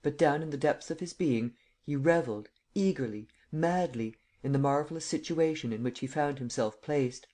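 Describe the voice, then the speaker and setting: A man narrating a classic novel in a measured, steady way. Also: fairly high pitch. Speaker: audiobook narrator. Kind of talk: scripted narration.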